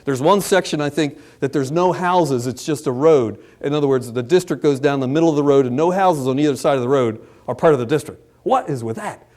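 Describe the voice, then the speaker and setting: Impassioned male pastor, slightly high voice. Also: fairly quick, hardly any pauses. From Maryland, USA. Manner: impassioned, swings from loud emphasis to low asides. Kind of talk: political sermon.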